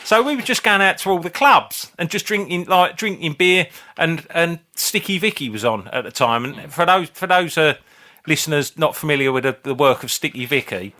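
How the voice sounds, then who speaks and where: A man's voice: fairly high pitch, normal speed, pushed and bright. A man in his fifties, co-hosting a comedy podcast as a rambling, sweary storyteller. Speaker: podcast co-host. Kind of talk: casual chat.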